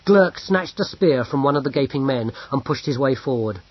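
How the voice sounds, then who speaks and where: A man narrating an audiobook in a measured storytelling manner. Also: mid-range voice, lively intonation, slightly rough. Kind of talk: scripted narration. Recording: dull lo-fi audio.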